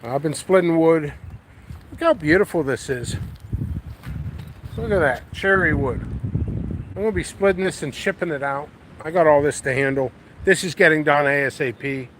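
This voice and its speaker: A man's voice: on the high side, normal speed, long pauses. A man hosting a casual walking vlog in his windy backyard, rambling easily and thinking aloud. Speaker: pepper grower and channel host. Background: light wind and outdoor noise.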